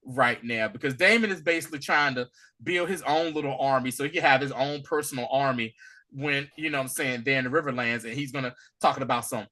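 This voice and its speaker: Bright-voiced laid-back podcast man. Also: mid-range voice. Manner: laid-back, slangy, quick to laugh. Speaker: podcast co-host. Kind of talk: casual TV recap chat.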